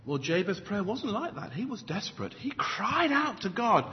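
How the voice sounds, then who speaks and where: A man preaching a sermon in a church, emphatic, with loud stresses and soft low asides. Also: big pitch swings, normal speed, hardly any pauses. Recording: dull lo-fi sound with long hall reverb.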